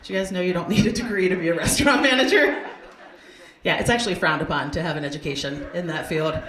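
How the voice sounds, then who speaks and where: A woman's voice: on the low side, quick pace, fairly bright tone. Brash woman doing crude club stand-up. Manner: brash, crude, chatty with the crowd. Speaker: stand-up comedian hosting a show. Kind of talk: stand-up comedy set. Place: comedy club stage. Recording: roomy club sound.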